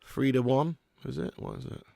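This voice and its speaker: A man hosts a live football watch-along, mixing match commentary with easy chat and reading out viewers' comments. His voice has a gravelly edge and sits dry and close to the mic. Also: mid-range voice, steady tone, moderate pace, dark tone, no room sound. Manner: chatty, reads out viewer comments. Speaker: watch-along stream host.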